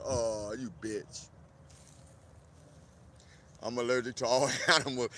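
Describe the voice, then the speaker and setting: A South Florida man hosts a casual live stream from a park, lively and calling out viewers by name. He speaks at medium pitch and a measured pace, with long pauses.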